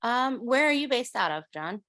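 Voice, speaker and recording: A woman moderating a webinar with a fairly high voice. She relays audience questions in brief, matter-of-fact phrases. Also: big pitch swings, moderate pace, bright, forceful tone.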